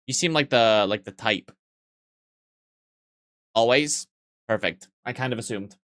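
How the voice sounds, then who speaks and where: Male streamer, mid pitch, playful and crude, dry close-mic sound. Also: fairly bright tone, dry recording. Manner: playful, teasing, crude banter with chat. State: sleep-deprived yet weirdly awake. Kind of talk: casual live-stream chat.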